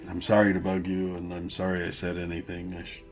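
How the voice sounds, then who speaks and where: A man's voice: low voice, completely flat delivery, fast talker, soft background music, natural voice. A man voicing a drunk, nervous young villager who slurs and mumbles fearfully.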